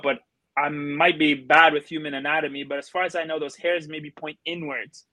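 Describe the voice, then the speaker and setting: A man's voice: a little high, fairly even intonation, fairly quick, pushed and bright, no echo. A man telling a story as a podcast guest in a casual way, rambling and full of fillers. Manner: rambling, filler-heavy with many likes.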